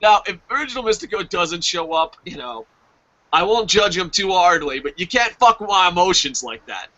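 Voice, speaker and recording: Brief: high-ish, forceful male reviewer, profane fanboy rant, muffled lo-fi sound. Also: expressive, normal speed. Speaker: wrestling show reviewer. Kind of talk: casual chat.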